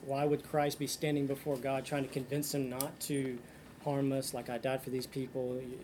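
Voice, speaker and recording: A man's voice: medium pitch, darkish tone, a little hiss or hum. A man leading a casual Bible study discussion. He talks earnestly, thinks aloud with frequent ums and restarts, and reads scripture passages aloud.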